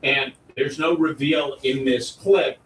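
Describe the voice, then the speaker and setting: A man's voice: medium pitch, steady tone, slow pace, a bit bright. A man hosting a commentary video, reacting to clips with incredulous sarcasm. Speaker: commentary host. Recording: echoey room, distant mic, faint noise.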